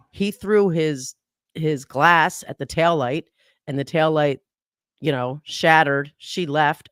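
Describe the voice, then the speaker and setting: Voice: medium pitch, no echo, clean studio sound. A guest commentator analyzing a trial in casual podcast talk, who often restarts sentences and laughs in disbelief.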